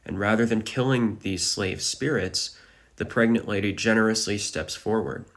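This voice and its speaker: A man's voice: on the low side, normal speed. A man narrating a dramatic recap of a manga chapter.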